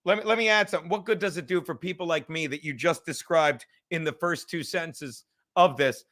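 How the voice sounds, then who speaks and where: A man's voice: a little high, a little fast. A man hosting a livestreamed podcast, rambling and swearing as he tells stories and reads out viewer messages. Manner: profane, rambling, animated storytelling. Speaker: podcast host. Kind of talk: casual livestream chat.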